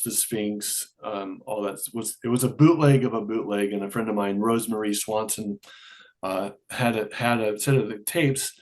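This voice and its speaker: A middle-aged man appears as an interview guest, telling a lively, casual story in a fairly low voice and acting out the dialogue he quotes.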